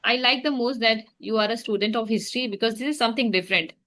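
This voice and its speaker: A chatty young woman leading a relaxed conversation, her voice bright and crisp and a little high. She talks in friendly loops, restarting sentences as she goes. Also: fast talker. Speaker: English conversation host. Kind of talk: casual conversation practice.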